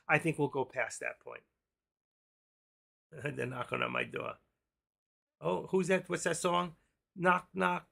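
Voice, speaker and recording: A man hosting a live stream in a loose, rambling way, brash and joking as he talks. His voice is heavily gravelly and sits a little high. It has a bright, forceful edge. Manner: chatty, rambling, jokey and brash. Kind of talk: casual live stream chat.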